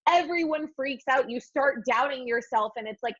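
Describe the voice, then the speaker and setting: A woman guest on a coaching interview, telling her story with lively, swearing candor and acting out her panicked thoughts. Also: high-pitched, normal speed, lo-fi sound. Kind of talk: candid podcast interview.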